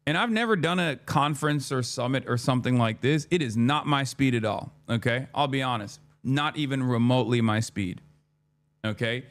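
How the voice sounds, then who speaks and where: A man's voice: medium pitch, normal speed. A man in his thirties, a streamer, casually telling a story, swearing often and acting out his own lines of dialogue. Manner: profane, animated, acts out his own dialogue.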